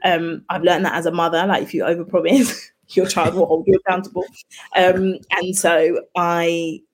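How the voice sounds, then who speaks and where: A woman with a low, slightly husky voice speaks as a guest on an interview podcast. She is a midwife who explains her work reflectively, often slipping into little acted-out exchanges to make a point. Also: level tone, moderate pace. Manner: reflective, explains by acting out example dialogues. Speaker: midwife and birth debrief facilitator, podcast guest. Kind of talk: conversational interview.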